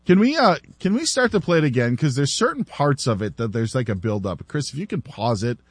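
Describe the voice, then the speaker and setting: A man hosting sports talk radio, animated and laughing as he repeats himself. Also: mid-range voice, a little fast, slightly rough, dry recording. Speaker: radio host.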